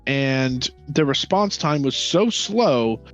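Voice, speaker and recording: With an expressive mid-range voice and a slow delivery, a podcast co-host jokes his way through history, profane and sarcastic, giving nations mocking quoted voices. Faint music sits beneath the dull lo-fi sound.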